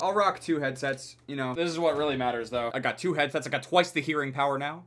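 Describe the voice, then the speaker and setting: A man giving profane, excitable commentary over his own gameplay as a YouTuber. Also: on the high side, quick pace, hardly any pauses. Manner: profane, excitable, yelps and laughs at plays. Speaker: gaming YouTuber. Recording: game gunfire behind the voice. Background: gunfire and game sounds.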